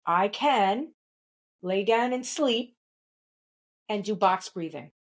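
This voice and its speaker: A woman's voice: medium pitch, lively intonation, slow, poor audio. Female podcast host, casual and rambling, chats freely and laughs easily, mid-range voice. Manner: chatty and rambling, laughs often. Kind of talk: casual conversational interview.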